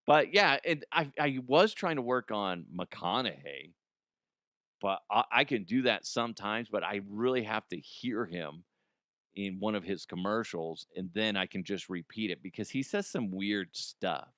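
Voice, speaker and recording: A man's voice: lowish voice, lively intonation, measured pace, a bit bright, no echo, clean studio sound. A man in his forties hosting a comedy podcast, rambling in a casual, profane monologue. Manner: profane, rambling, laughs at own jokes.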